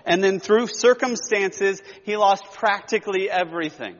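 A man's voice: sits high, normal speed. A man giving an earnest Bible teaching sermon, telling the story plainly and leaning into emphasis when he paraphrases. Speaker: preacher. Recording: dull lo-fi sound with long hall reverb.

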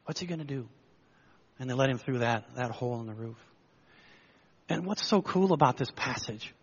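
A man preaching a sermon, retelling a story with animated asides and acted-out lines. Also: mid-range voice, moderate pace, vocal fry, husky, muffled recording. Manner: storytelling, lively, acts out the crowd's lines.

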